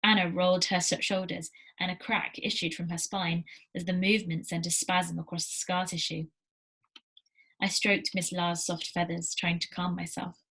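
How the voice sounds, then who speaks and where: Husky woman reading a storybook aloud. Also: lowish voice, normal speed, poor audio. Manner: steady storytelling with small slips and restarts. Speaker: teacher. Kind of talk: reading a novel aloud to a class.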